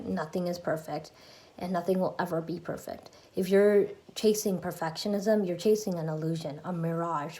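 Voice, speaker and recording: A woman's voice: on the low side, dark tone. A woman giving a casual, earnest self-help talk to her channel's viewers, chatty and full of fillers. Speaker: YouTuber.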